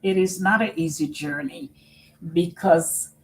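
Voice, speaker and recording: A middle-aged woman live-streaming on her computer at home, talking slowly and earnestly about caring for her father and often repeating herself. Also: lowish voice, steady tone, slight background noise, low-quality recording. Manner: slow and earnest, repeats phrases. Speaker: vlogger and family caregiver. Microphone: computer microphone.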